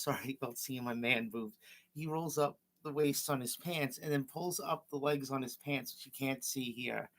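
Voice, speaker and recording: A man, telling stories on his livestream in a rambling, halting way. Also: fairly high pitch, sharp tone. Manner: rambling, halting, with fillers and self-corrections. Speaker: livestream host. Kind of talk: casual storytelling.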